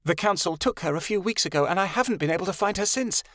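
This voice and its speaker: Guy doing a young woman, emotional big sister, high and shaky, lively up and down. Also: fast, no room sound, clean studio sound. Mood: tearful. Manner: quivering, heartfelt.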